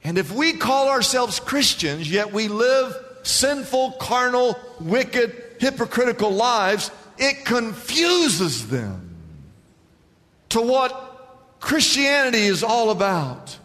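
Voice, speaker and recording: A man's voice: extremely high pitch, big pitch swings, takes it slowly, fairly bright tone. A man preaching a sermon in a church, emphatic and calling for responses from the congregation, stretching out key words. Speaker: pastor. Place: church sanctuary. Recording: church hall reverb.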